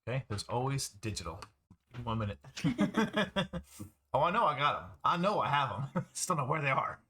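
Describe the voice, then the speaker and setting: A man's voice: medium pitch, very animated, normal speed, pushed and bright. A man running a tabletop game as game master, laughing often and thinking aloud as he checks his notes.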